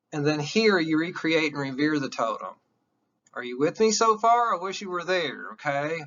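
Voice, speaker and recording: A man giving a classroom lecture in an excitable, emphatic way, often checking that his listeners follow. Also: a little high, lo-fi sound.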